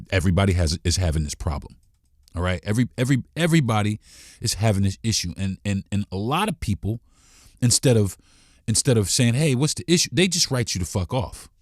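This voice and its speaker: A man's voice: fairly low pitch, dry recording, studio quality. A man hosting a podcast, delivering a blunt, profane, heated monologue. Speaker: podcast host.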